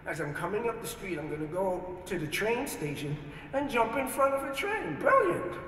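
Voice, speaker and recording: High-voiced man telling his story, roomy. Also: very animated, a little fast, a bit bright, a little hiss or hum. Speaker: testimony speaker in a played video. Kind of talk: personal testimony storytelling. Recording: video played in an echoey hall, heard from far off.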